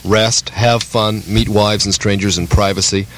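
A man improvising an absurd radio comedy bit, rambling on in a deadpan way. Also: on the low side, a little slow, a little hiss or hum, poor audio.

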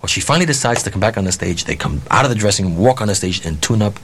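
Male storyteller, concert promoter type, lively pitch swings, salty language, plays every line of dialogue himself. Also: very fast. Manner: animated, profane, acts out dialogue. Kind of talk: storytelling anecdote.

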